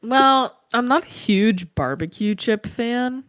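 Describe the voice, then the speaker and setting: A woman with a fairly low voice, chatting casually as a podcast co-host. She is blunt and swears freely. The sound is dry and close. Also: a little slow, no echo. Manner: blunt, swears freely, loud disgusted outbursts. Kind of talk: casual chat.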